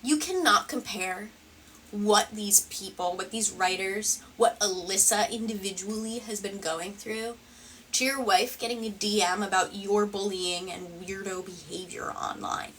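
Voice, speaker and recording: A woman's voice: medium pitch, measured pace, a bit bright, far from the mic, a little hiss or hum. A woman hosting a reaction commentary video, sarcastic and rambling, swearing often.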